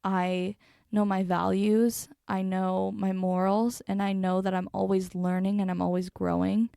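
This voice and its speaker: A young woman talks earnestly into a close microphone, working through her thoughts with plenty of "um"s and restarts. Her voice has a gravelly, fried edge and sits at an ordinary pitch. The sound is dry and close, with almost no room around it. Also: little pitch movement, measured pace, dark tone, dry recording. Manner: earnest, thinking aloud with many fillers and restarts. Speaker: podcast host. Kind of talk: reflective solo podcast talk. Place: sitting in a chair at a microphone. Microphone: studio microphone, close.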